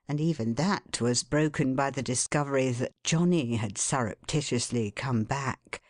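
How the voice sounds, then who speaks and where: A woman narrates a classic story as an audiobook in a steady, measured reading. Her voice sits very low for a woman. The recording is close and dry, with no room sound. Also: no echo.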